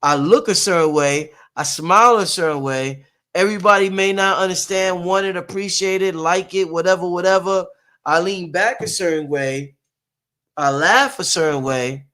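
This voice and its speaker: A man talks straight to his audience in a loose, rhythmic monologue. His voice sits a bit high for a man, and he swings from loud sung bursts to low, quiet musing. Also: normal speed. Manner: animated, sings and shouts snippets, trails off into low musing. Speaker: show host and producer. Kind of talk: casual monologue to viewers.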